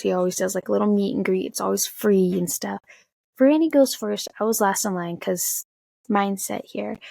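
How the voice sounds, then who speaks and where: A young woman from the Tacoma area telling an animated storytime, swearing and acting out quotes. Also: mid-range voice, vocal fry, no room sound. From Tacoma area, USA. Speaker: vlogger. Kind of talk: casual storytime.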